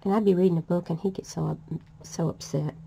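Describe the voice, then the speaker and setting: Chatty older woman with gravelly voice. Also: lowish voice, steady tone, quick pace, warm tone. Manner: chatty, laughs often while telling family stories. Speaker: vlogger. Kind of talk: casual storytelling while crafting.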